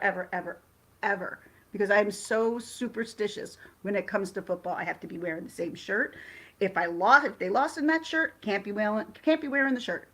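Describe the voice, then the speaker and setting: A woman hosting a casual livestream, chatting excitably and rambling with frequent restarts. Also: medium pitch. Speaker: livestream host.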